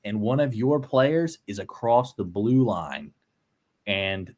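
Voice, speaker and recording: A man's voice: fairly low pitch, animated, slow, a little mellow. Playful young man on a podcast. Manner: playful, boastful, cheering. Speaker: co-host. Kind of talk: casual podcast banter.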